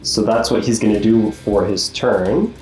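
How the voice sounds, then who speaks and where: A man narrates as game master of a tabletop game, easygoing and laughing often as he patiently explains the rules. His voice is fairly low, unhurried and darkish, recorded in an echoey room with faint music.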